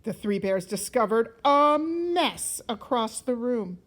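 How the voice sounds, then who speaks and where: A woman teacher reading a children's story aloud in an expressive, sing-song way, sometimes dropping to a whisper. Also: a little high, slow, low-quality recording.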